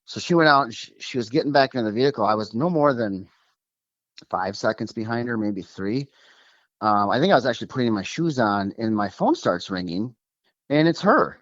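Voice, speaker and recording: A man from Minnesota telling a story as a guest, animated and quick, with many fillers. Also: medium pitch, dry recording, muffled recording. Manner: animated, fast, lots of fillers like "like" and "um". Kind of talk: casual storytelling over a call.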